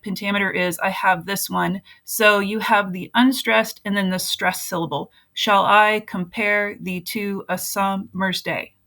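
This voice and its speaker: A woman's voice: mid-range voice, a bit bright. A woman teacher walking other teachers through her lesson slides in a casual, explanatory way, with frequent ums and uhs.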